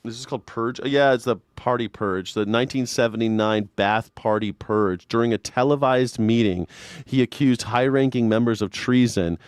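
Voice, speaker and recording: A man's voice: mid-range voice, normal speed, clean tone, dry recording. A man hosting a live news reaction show, talking in a crude, sarcastic and mocking way. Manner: sarcastic, crude and mocking, slips into exaggerated mimicking voices.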